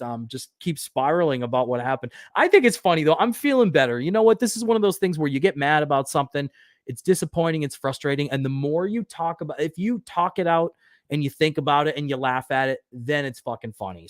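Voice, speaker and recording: Streamer host, male, loose and profane, self-mocking, slightly raised pitch, dead-dry mic. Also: no echo. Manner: profane, self-deprecating, rambling; reads viewer comments aloud. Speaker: livestream host. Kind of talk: casual solo livestream chat.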